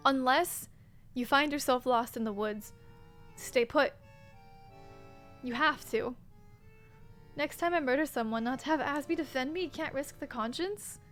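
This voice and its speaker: A woman's voice: high voice, a little slow, long pauses, fairly bright tone, faint music behind. A woman streaming a game, thinking aloud and joking in casual commentary.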